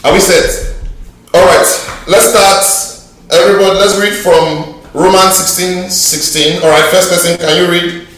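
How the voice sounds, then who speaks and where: Animated man teaching in an echoey hall. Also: high voice, a little slow, distant mic. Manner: animated, emphatic, teasing questions. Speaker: Bible study teacher. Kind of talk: interactive Bible class teaching. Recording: very echoey hall, mic from afar.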